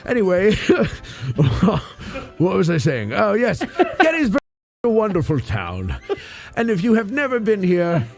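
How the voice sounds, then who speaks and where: A wheezy old Santa Claus rambles on in a gravelly, lively voice that rides high and swoops around, as a man plays him. He sounds out of breath, with faint music behind him on this comedy radio broadcast. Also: unhurried, heavily acted. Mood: jolly. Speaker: host.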